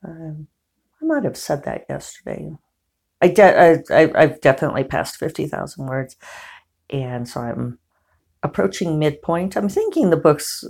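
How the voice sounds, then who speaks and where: A woman novelist with a low voice talks casually to her viewers. Her delivery is wry and rambling, filled with "you know" asides. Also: creaky, a little mellow. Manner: chatty, wry, many fillers. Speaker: novelist and vlogger. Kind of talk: casual chat to camera.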